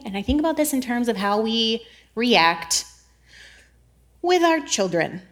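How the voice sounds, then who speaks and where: A woman in her thirties giving a sermon-style talk, animated and laughing often, jittery from caffeine. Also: a little high, unhurried, long pauses. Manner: animated, laughs often, acts out quoted voices; jittery, says she is over-caffeinated. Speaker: speaker giving a faith talk.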